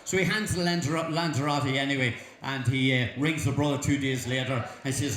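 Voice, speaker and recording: At a school talent show, a man with an Irish accent tells jokes in a folksy storytelling style, chuckling through his punchlines. His medium-pitched voice is brisk with hardly any pauses, echoing around the school hall.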